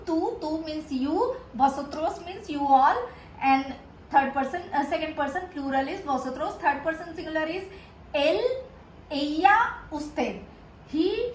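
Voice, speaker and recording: Woman tutor, Hindi native speaker, unhurried and halting, faint hum behind her. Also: high-pitched. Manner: hesitant, many pauses and fillers. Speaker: Spanish tutor. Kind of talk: slow explanatory lesson. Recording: echoey room with faint background hum.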